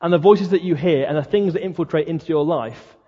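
A man's voice: a little high, fairly quick, warm tone, husky. Man preaching in an echoing hall. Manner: conversational preaching, rhetorical questions. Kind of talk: sermon. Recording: dull lo-fi sound, long hall reverb.

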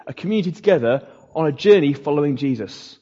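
A pastor preaches in a chatty, conversational way, slipping into mocking asides. His voice sits fairly high and a bit husky. The sound is dull and lo-fi, with a long echo from the church hall. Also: animated, quick pace, dark tone. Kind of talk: sermon.

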